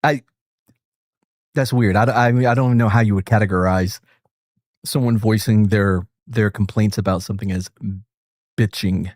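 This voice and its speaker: A man's voice: on the low side, steady tone, moderate pace, pauses often, darkish tone, dry recording, studio quality. A man hosting his own channel, reacting to a video in casual, rambling commentary with wry jokes. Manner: rambling, self-interrupting, wry and joking.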